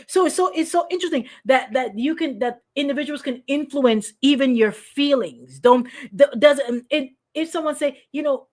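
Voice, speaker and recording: A woman pastor with a high voice talks her way through a sermon as if chatting with friends. She is animated and lively, calls out to people in the room by name, and keeps stopping and restarting her sentences. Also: moderate pace, few pauses. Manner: animated, lively, acts out quoted voices, addresses congregants by name; frequent restarts and repetitions. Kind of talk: conversational sermon.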